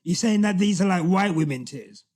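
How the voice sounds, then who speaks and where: Lively higher-voiced man. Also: moderate pace. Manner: animated, laughing, reads posts aloud. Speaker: podcast co-host. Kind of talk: casual podcast chat.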